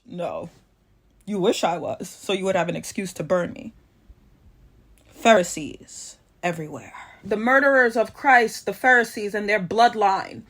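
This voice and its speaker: A woman's voice: mid-range voice, expressive, moderate pace, fairly bright tone. A woman delivering a preachy vlog monologue, emphatic and confrontational, repeating phrases for emphasis. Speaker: online commentator.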